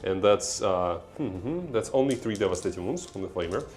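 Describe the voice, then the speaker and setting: Russian-accented guy, lowish voice, chatty tabletop play-by-play, faint music under it. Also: lively intonation, brisk, darkish tone. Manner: chatty, laughs often, corrects himself mid-count. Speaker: tabletop game player. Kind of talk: casual battle report play-by-play.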